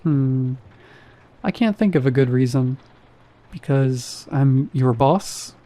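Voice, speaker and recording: A man doing a flat, bored security guard. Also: mid-range voice, unhurried, natural voice. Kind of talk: horror story narration.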